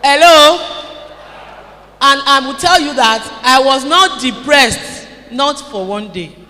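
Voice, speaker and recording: A Nigerian woman giving a lively motivational conference talk, calling out to her audience. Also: sits high, a little slow. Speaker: seminar speaker. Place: conference hall. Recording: echoey hall.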